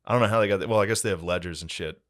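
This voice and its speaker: A low-pitched man telling a crude story on a comedy podcast. He keeps laughing as he talks and jumps into high mocking voices whenever he quotes someone. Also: very fast, a bit bright. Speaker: podcast co-host.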